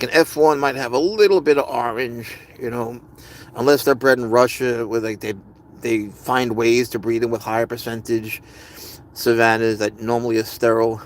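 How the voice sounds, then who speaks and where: A man hosting a live stream, chatting casually and rambling as he answers viewers' comments. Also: mid-range voice. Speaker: livestream host.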